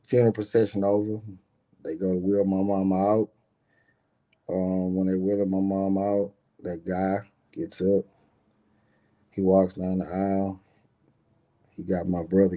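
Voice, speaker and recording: This low-pitched, dark-toned voice belongs to a middle-aged man who is a guest on a live stream. He recounts something from his own life in a loose, forceful, foul-mouthed way, frequently speaking straight to the audience.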